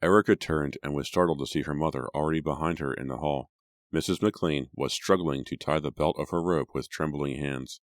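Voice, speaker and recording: Very deep male narrator, measured reading; dry, close sound. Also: dry recording. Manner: measured storytelling. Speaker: audiobook narrator. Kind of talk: scripted narration.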